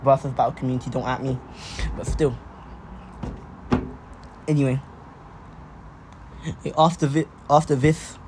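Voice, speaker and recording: A man casually improvising a fan-fiction story out loud, rambling with lots of fillers and restarts. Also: mid-range voice, background noise.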